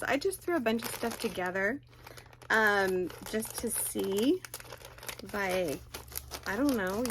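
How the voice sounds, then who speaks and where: Gushing middle-aged woman, crochet vlogger, unhurried and a touch high, unboxing at home. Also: a bit bright, slight background noise. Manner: gushing, gasps and squeals with delight. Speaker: crochet channel host. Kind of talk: casual unboxing vlog. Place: home craft room.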